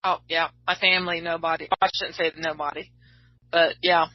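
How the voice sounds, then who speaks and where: A woman's voice: low-pitched, level tone, moderate pace, no echo. A middle-aged woman, a tarot reader, chatting casually and telling rambling stories. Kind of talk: casual chat. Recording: dull lo-fi sound.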